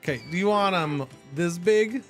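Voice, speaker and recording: A man streaming a game, chatting casually with his viewers in an animated, joking way. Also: sits high, moderate pace, over music. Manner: animated, joking, talks to chat. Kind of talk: casual live-stream commentary.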